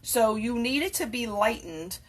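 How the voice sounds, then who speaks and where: A woman's voice: lively intonation, unhurried. A woman hosting a casual home cooking video, chatting and rambling as she bakes. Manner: rambling, talks to her cats in a high playful voice. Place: home kitchen.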